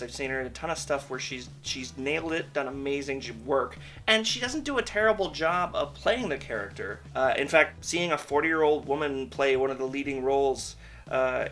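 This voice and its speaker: A man's voice: medium pitch, a bit bright. A man giving a candid, rambling movie review in a casual vlog, swearing freely. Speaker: film reviewer.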